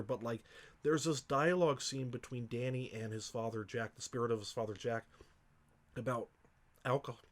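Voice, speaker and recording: A man co-hosting a casual movie review podcast. He rambles with passion, swears often and gets emotional. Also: mid-range voice. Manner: emotional, chokes up. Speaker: podcast co-host.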